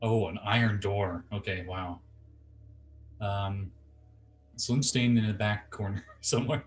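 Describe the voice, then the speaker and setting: A man's voice: fairly low pitch, steady tone, slow, a little hiss or hum. A man playing a tabletop game, asking questions in a casual, wry, slightly unsure way. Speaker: player.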